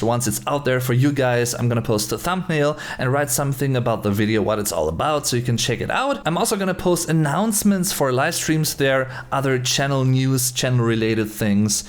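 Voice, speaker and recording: A man's voice: mid-range voice, animated, moderate pace, few pauses. German man musing over pronunciation. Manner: hesitant, musing, repeats phrases while practicing. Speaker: channel host. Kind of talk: casual language-learning commentary.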